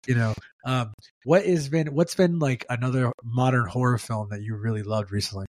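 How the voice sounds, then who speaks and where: A man hosting a casual podcast chat, easygoing and quick to laugh, asking loose, rambling questions. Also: mid-range voice, dry recording. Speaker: podcast host.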